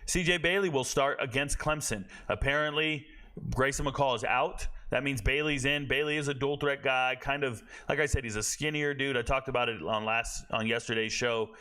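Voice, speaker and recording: A man hosting a college football show, talking casually and bluntly, rambling and correcting himself, with a tired, low-energy delivery. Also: moderate pace, sharp tone. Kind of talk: casual sports commentary.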